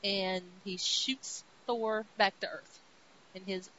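Woman, podcast co-host, animated comic recap, dull lo-fi sound. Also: medium pitch, slow. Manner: animated retelling with acted-out quotes. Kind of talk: casual comic book recap. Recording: dull lo-fi audio with faint hiss.

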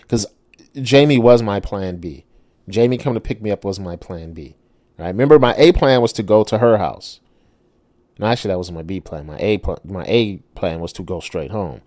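A middle-aged man, a self-published author, telling a personal story in a casual monologue, animated and swearing with many rhetorical asides. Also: lowish voice, normal speed, no echo, studio quality.

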